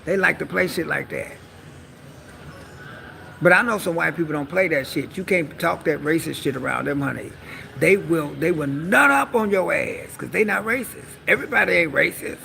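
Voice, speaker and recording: Brief: woman, live-stream comic, brassy bright tone with fry, bawdy and sassy. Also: sits low, moderate pace, a little hiss or hum. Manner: sassy, bawdy, calls listeners honey. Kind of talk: stand-up style live-stream monologue.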